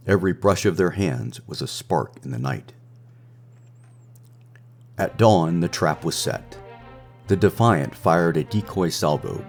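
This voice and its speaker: A man narrating a scripted romance adventure story in a measured, dramatic way. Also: deep voice, darkish tone, slightly rough. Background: faint music.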